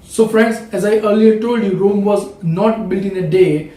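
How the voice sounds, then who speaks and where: A man's voice: high-pitched, moderate pace, warm tone, reverberant, recorded from a distance, low-quality recording. A man with an Indian English accent giving a step-by-step video lesson as an English exam tutor, repeating key phrases.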